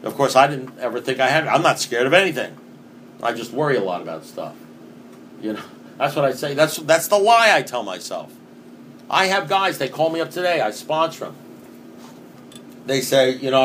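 A man's voice: mid-range voice, lively intonation, normal speed, long pauses, fairly bright tone, a little hiss or hum. A man giving an earnest recovery talk, reading passages from a book and repeating points for emphasis, now and then rising to emphatic bursts. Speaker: recovery meeting speaker.

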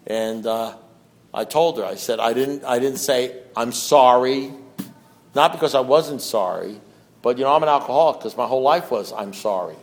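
A middle-aged man giving a twelve-step recovery testimony, talking in a loose conversational way with lots of fillers, dropping low and hushed, then rising to loud, raised outbursts. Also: brisk. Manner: conversational, fillers like "you know" and "deal", mimics voices. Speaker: recovering alcoholic sharing at a meeting.

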